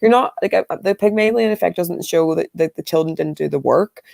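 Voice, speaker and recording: Gravelly woman host, rambling. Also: fairly low pitch, a little fast, a little mellow, no echo, clean studio sound. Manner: rambling, many fillers and restarts. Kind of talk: casual interview.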